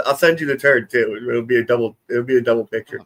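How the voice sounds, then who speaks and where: A man's voice: mid-range voice, fast, fairly bright tone. Laid-back, joking male co-host. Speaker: regular co-host. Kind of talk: casual chat.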